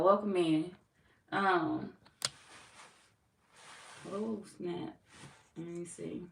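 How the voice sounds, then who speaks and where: A young woman hosting a tarot livestream, reading viewer comments aloud and chatting in a relaxed, teasing way with lots of slang and laughter. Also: lowish voice, drawn-out words, vocal fry, long pauses, recorded from a distance. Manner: laid-back, teasing, laughs often, slangy. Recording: roomy echo, off-mic, faint noise.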